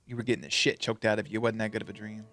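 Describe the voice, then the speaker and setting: A man hosting a casual reaction video, talking in a slangy, profane, animated way. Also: lowish voice, racing, dry recording, soft background music.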